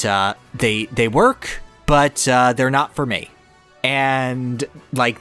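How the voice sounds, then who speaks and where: A podcast co-host with a mid-range, fairly bright voice lays out his views on games with passion and analysis. His casual talk pours out in long, eager runs of opinion, one point stacked on the next.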